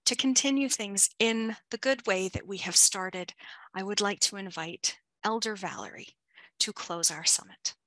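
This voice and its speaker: Bright, crisp woman hosting. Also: mid-range voice, normal speed, no echo. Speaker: summit host. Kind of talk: formal event hosting.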